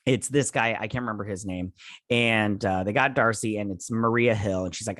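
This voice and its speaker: A man's voice: fairly low pitch, brisk, a bit bright, no room sound, studio quality. A man hosting a show who recaps an episode in a casual, sarcastic and rambling way, full of filler words. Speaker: host.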